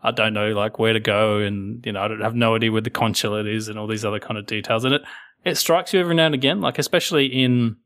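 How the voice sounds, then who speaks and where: A man's voice: lowish voice, level tone, fast, fairly bright tone. A man in casual conversation, telling rambling travel stories and acting out the voices of people he met. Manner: rambling storyteller who acts out quotes.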